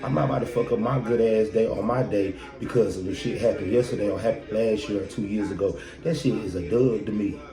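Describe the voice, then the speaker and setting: A man's voice: on the low side, fairly quick, few pauses, crowd noise. A man hosting a podcast, giving a blunt, profane motivational monologue full of rhetorical questions. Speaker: podcast host. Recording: echoey room with loud music behind.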